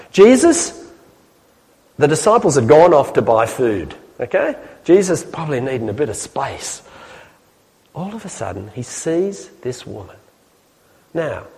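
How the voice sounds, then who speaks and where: Male preacher, chatty and audience-engaging, animated tone, long hall reverb. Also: a little high. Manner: lively, chatty, asks the audience questions. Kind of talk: sermon.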